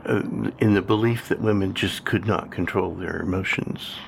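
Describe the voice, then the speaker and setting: A man's voice: sits low, steady tone, normal speed, vocal fry, background noise. A man co-hosting a podcast in casual conversation, with dry, wry remarks. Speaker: podcast co-host.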